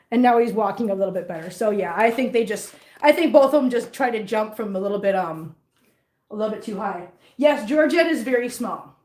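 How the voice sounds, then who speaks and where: A woman with a higher, slightly mellow voice vlogs about her cats at home, chatting casually and cooing baby talk at the kittens in a sing-song tone. She runs a cat channel and is in a living room with a hardwood floor, where the room sounds echoey.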